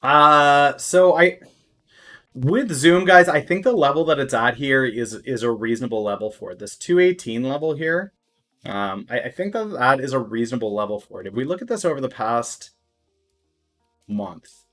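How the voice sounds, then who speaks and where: Male market streamer, mid-pitched, rambling and filler-heavy, with mock-panic outbursts and crude asides. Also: expressive, moderate pace, soft background music. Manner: chatty, thinking aloud with many fillers; swings into loud exaggerated alarm. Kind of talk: live-stream market commentary.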